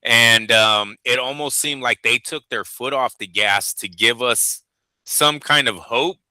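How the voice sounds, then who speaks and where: A man's voice: medium pitch, unhurried, sharp tone, no echo. A man co-hosting a boxing show, chatting casually and tossing in "dude" and "bro". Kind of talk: casual podcast chat.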